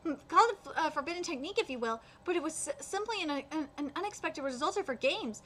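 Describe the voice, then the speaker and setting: A woman's voice: high voice, expressive, quick pace, fairly bright tone. A woman reading as a grumpy guardian spirit. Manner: read aloud with hesitant fillers.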